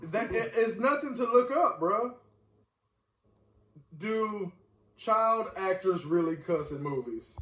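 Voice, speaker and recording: A man's voice: high voice, expressive, slow pace, long pauses, a bit bright, recorded from a distance. A man co-hosting a podcast in casual chat, emphatic and stubborn, talking with lots of slang. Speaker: podcast co-host. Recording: roomy echoey room.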